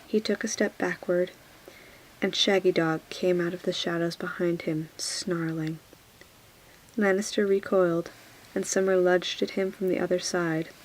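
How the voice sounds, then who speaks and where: A woman reading a fantasy novel aloud in a soft whispered role-play, hushed and gentle. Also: fairly low pitch, fairly even intonation, measured pace, rough recording. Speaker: audiobook reader.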